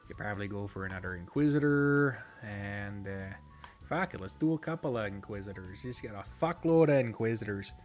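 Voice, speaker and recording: Speaking expressively and fairly quickly over faint background music, a man rambles through casual commentary while streaming a strategy game. He curses freely, jokes about himself, and sometimes quiets down to keep from disturbing his roommate's call.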